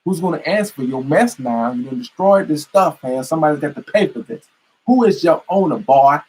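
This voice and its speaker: A man's voice: medium pitch, moderate pace, warm tone, slightly rough, low-quality recording. A man putting on a menacing male authority figure who interrogates and taunts someone. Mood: taunting. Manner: taunting, demanding.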